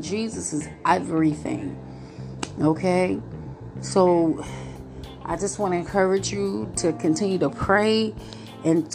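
A woman hosting a relationships podcast, talking casually and laughing, then turning to earnest encouragement. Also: lowish voice. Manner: chatty, laughs often, preachy encouragement. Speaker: podcast host. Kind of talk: casual late-night monologue.

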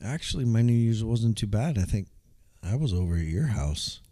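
A man's voice: fairly low pitch, lively intonation, normal speed, mellow. A man co-hosting a casual podcast, easygoing and laughing at his own jokes. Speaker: podcast co-host. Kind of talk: casual chat.

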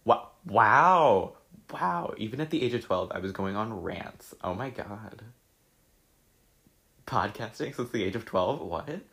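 Speaking a little slowly in a lowish, creaky voice, a young man goes through his old social media posts aloud. It's a casual chat full of laughter, swearing, and excitable reactions to what he wrote.

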